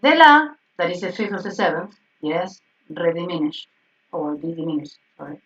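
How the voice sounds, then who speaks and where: A woman's voice: lowish voice, normal speed. A woman teaching a piano harmony class online, checking in constantly with "yes?" and correcting herself. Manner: animated, frequent "yes?" checks and self-corrections. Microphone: video call. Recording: distant, dull video-call audio.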